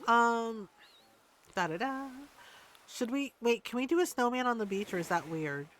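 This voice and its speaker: A woman's voice: fairly high pitch, expressive, moderate pace, a bit bright, soft background music. A woman streaming a cozy game, chatting casually and thinking aloud with plenty of fillers. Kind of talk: casual gameplay chat.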